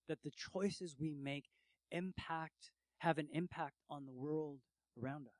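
A man's voice: on the high side, no room sound. A man preaching a sermon, telling stories and acting out quotes with emphatic rises. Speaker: pastor.

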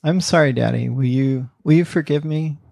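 A man's voice: a little high, normal speed, gravelly, dark tone. A man voicing a little girl, earnest. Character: little three-year-old girl, apologetic and earnest.

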